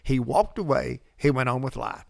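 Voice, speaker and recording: A man co-hosting a conversational Bible discussion, emphatic and animated, with quick asides. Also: mid-range voice, vocal fry, no room sound, clean studio sound.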